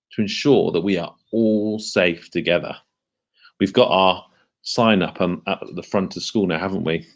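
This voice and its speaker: Guy teacher doing school assembly, lowish voice, asks kids lots of questions, slows down on key words. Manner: lively, questioning, speaks slowly and stresses key safety words. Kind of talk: livestreamed school assembly talk to children.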